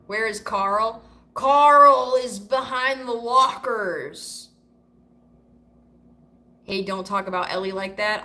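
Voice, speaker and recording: A woman's voice: medium pitch, bright, forceful tone. A woman from the United States hosting a casual livestream, answering chat comments in a loose, profane, joking way. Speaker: livestream host.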